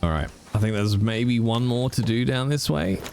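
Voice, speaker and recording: A man streaming a game, chatting casually, animated and swearing freely as he rants. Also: mid-range voice, moderate pace, creaky, a little hiss or hum.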